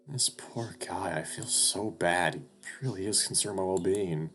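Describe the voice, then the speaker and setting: A man's voice: a bass voice, steady tone, moderate pace, few pauses, a bit bright. A young man narrating a story game in first person, casual and rambling, swearing now and then. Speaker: game streamer. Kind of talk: narrating a visual novel playthrough.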